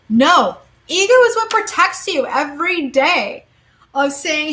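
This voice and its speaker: A young woman reading tarot cards in a casual live-stream chat, quick and chatty, saying "like" and "okay?" a lot. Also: sits high, lively intonation, fairly bright tone, slight background noise. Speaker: tarot card reader.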